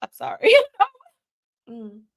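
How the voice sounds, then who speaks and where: A woman's voice: slow pace, fairly bright tone, no echo, clean studio sound. A woman hosting a live stream, talking casually and animatedly to viewers, laughing often. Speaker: host.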